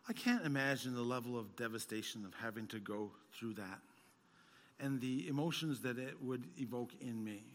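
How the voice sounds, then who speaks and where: A pastor preaches a sermon, telling stories and building to loud, emphatic peaks. His mid-range voice carries a big-room sound.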